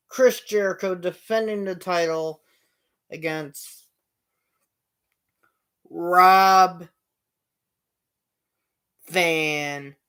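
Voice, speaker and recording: A man's voice: sits high, fairly bright tone, clear, resonant tone. A man hosting his own show, telling a long story in a rambling way with many fillers and restarts. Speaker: show host. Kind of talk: casual storytelling.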